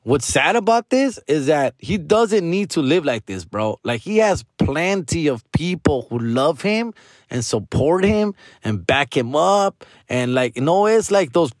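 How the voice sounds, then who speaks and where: A man's voice: fairly high pitch, big pitch swings, measured pace, dry recording, studio quality. A middle-aged man, rambling through a casual story with profane slang and bits of Spanish.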